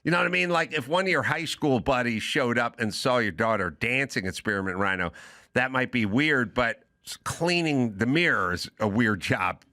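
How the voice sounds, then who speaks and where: A man's voice: mid-range voice, expressive, normal speed, pushed and bright, no echo, studio quality. A man hosting a podcast, ranting in a sardonic, opinionated way and acting out other people's voices. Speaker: podcast host. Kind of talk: casual opinionated monologue.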